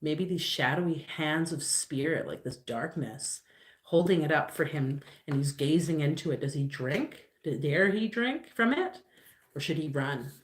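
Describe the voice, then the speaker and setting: A woman's voice: low-pitched, lively intonation, unhurried, roomy sound. A woman doing a casual live card reading, musing aloud with lots of fillers and loose, rambling phrasing. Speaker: tarot reader on a livestream.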